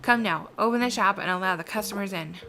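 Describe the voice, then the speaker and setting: Woman putting on a stern gruff old man. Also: medium pitch, fast, pushed and bright. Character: stern old male shopkeeper mentor.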